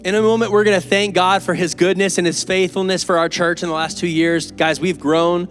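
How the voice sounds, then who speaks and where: A pastor preaching an earnest, emphatic and conversational sermon in a church. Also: male voice, sits high, little pitch movement, brisk, fairly bright tone, soft background music. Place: church sanctuary.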